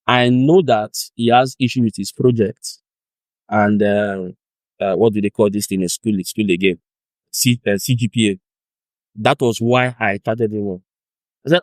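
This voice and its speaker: A young Nigerian man gives an informal teaching on discipleship, animatedly acting out chats in pidgin and laughing. His voice is lowish and moderately paced with long pauses, and the recording is dry.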